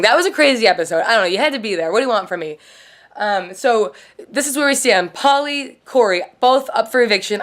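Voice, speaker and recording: A woman hosting a casual TV recap vlog, rambling and swearing freely, with "like" in nearly every sentence. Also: on the high side. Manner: rambling, profane, heavy on "like". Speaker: show host.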